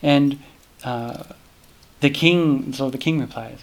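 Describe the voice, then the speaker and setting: A man's voice: medium pitch, slow, creaky, pauses often. A man teaching a scripture class in a casual, rambling way, often breaking off and restarting. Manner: rambling, self-interrupting, many fillers.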